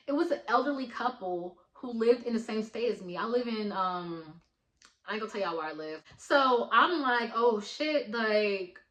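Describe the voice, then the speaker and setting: A young woman vlogger telling a storytime in a chatty, animated way, full of slang and the odd swear word. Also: medium pitch, roomy sound, low-quality recording. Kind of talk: storytime vlog.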